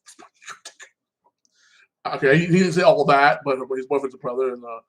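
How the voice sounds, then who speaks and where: A man's voice: mid-range voice, very fast, slight background noise, poor audio. Rambling man recapping a TV show. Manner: rambling, repeats "like that", swears freely. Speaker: show reviewer. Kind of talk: casual TV episode recap.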